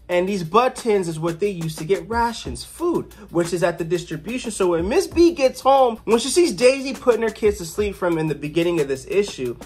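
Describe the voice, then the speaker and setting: A comic book reviewer retelling an issue in a loose, conversational way, with restarts and quick asides. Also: mid-range voice. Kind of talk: casual comic book recap with quoted character voices.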